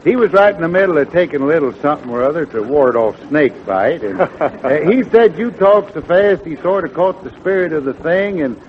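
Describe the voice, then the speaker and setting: A folksy comic man drawls his homespun jokes on an old radio comedy show. His voice sits a little high. The broadcast is muffled, with a faint hiss behind him. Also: lively intonation, fairly quick.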